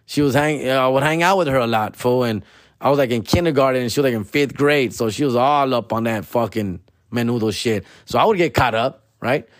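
A man's voice: mid-range voice, a little fast, no room sound, studio quality. A man, a comedian host riffing in a profane, slangy monologue and ending lines with "fool" and "dog". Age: 40s.

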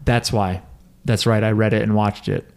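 A man's voice: lowish voice, little pitch movement, normal speed, gravelly. A young man hosting a podcast, recapping an anime in casual, joking chat and swearing freely. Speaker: podcast host.

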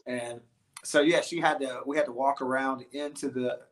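Man, guest musician, casual interview chat, rambling storyteller, lots of fillers, mid-pitched voice. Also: normal speed. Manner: rambling, animated storyteller with many restarts and fillers.

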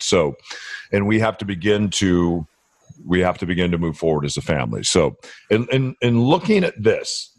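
Middle-aged man, podcast host, deep, lively intonation, reflective, dry close sound. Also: moderate pace, no room sound. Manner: reflective, repeats words while thinking. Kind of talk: casual conversational interview.

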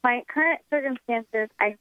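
Woman from texas calling in, high voice, kinda hesitant, tinny phone line. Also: normal speed, dry recording. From Houston, Texas. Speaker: caller.

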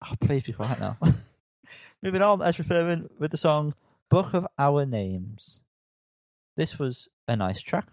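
A man leads a relaxed song review, stating blunt opinions and moving on to the next track. His voice is recorded dry and close, without any echo. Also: a little high, measured pace. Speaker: podcast co-host. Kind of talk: casual music review chat.

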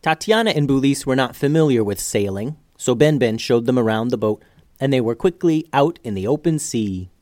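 A man narrating an adventure storybook in a steady, measured way. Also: mid-range voice, dry recording.

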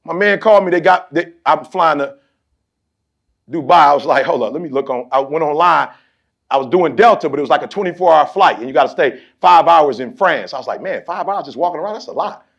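High-pitched man preaching motivation. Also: lively intonation, a little fast, creaky, fairly bright tone. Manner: preachy, repetitive call-and-response, folksy storytelling. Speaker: motivational speaker addressing a team. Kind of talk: animated motivational speech with storytelling.

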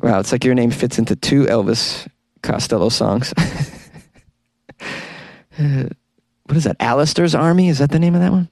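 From a small closet with no echo, a podcast host gives a casual outro chat in a mid-range, creaky, darkish voice at normal speed, pausing often. He's loose and rambling, stumbling a lot, laughing at his own expense, and sometimes singing impressions.

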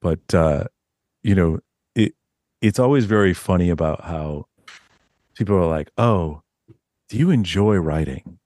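Low-voiced man telling animated stories. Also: measured pace, pauses often, dry recording, clean studio sound. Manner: rambling, animated storyteller with many restarts. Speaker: author guest. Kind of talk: casual podcast interview.

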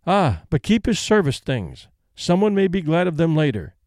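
A man reading as a brisk elderly lady. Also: fairly high pitch, big pitch swings, darkish tone, no room sound, studio quality. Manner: brisk, composed, decisive. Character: elderly invalid Englishwoman, brisk and practical.

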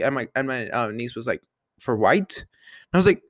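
A bubbly young man chats through his solo podcast, rambling from one playful aside to the next. His voice sits at a middle pitch and comes across dry and close on the mic, as if recorded in a small room at home. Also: animated, normal speed, no echo. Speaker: podcast host. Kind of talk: casual solo podcast chat. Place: bedroom with the window open.

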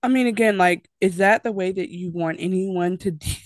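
A woman co-hosting a podcast, chatting about a TV episode in an animated way with laughing asides and many fillers. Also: mid-range voice, normal speed, no echo. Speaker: podcast co-host. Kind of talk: casual TV recap chat.

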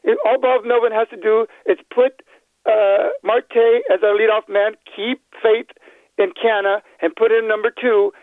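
An older man on a phone line, his voice worn and strained after an illness. He rambles emotionally and keeps circling back to the same points. The phone line is tinny and dry, and his pitch sits high. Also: flat delivery, measured pace, no echo. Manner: emotional, rambling, repeats himself. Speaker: caller. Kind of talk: emotional call-in.

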